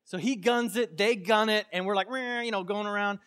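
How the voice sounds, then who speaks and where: Here a man who pastors in Florida swings his sermon from quiet, low murmurs to loud outbursts, later telling a story about himself in a casual, filler-heavy way. The delivery is smooth and a touch quick.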